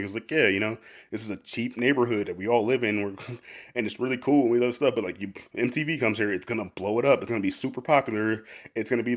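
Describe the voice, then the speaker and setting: A man hosting a podcast, casually recapping a cartoon, rambling with constant "like"s and frequent laughter. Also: fairly low pitch. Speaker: podcast host.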